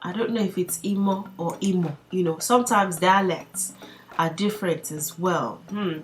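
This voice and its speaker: A woman hosting a casual language lesson, talking through a text in a loose, chatty manner. She breaks into laughs often and fills pauses with ums and uhs. Faint music plays underneath her voice. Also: on the low side. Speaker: Yoruba language teacher. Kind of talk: casual video lesson reading and explaining text.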